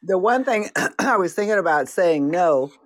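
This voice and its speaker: A woman's voice: lowish voice, lively intonation, normal speed, no echo. Older woman joining a call, dry sound. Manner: rambling with fillers. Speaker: guest. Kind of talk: casual chat. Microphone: remote call.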